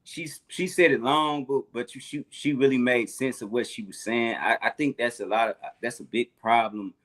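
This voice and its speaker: A man's voice: medium pitch, fairly even intonation, moderate pace, a bit bright. Hesitant man in casual chat. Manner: hesitant, restarts often.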